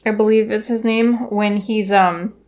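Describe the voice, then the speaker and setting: A woman's voice: mid-range voice, steady tone, measured pace, darkish tone. A young woman co-hosting a casual podcast, swearing a lot and breaking into quoted movie lines. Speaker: podcast co-host. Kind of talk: casual chat.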